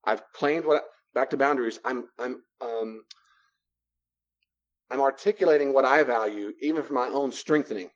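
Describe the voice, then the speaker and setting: A man's voice: mid-range voice, normal speed. Guy teaching about boundaries, acts out little conversations, kinda dull lo-fi audio. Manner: animated, acts out both sides of dialogues. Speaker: Christian counselor teaching on boundaries.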